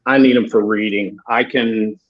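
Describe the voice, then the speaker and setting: A man's voice: on the low side, steady tone, normal speed. A man telling stories and joking as a guest on a casual panel. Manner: storytelling, jokey. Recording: dull lo-fi mic.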